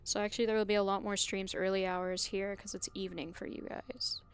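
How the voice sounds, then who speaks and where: A woman's voice: medium pitch, level tone, a little fast, slight background noise. A young woman streaming a video game, chatting with her viewers in a rambling, casual way and often losing her train of thought. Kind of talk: casual live-stream chat while gaming.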